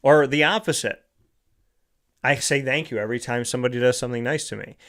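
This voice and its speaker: A man's voice: medium pitch, fairly quick, a bit bright. A male host giving a motivational monologue, lecturing and often tossing in rhetorical questions like "right?".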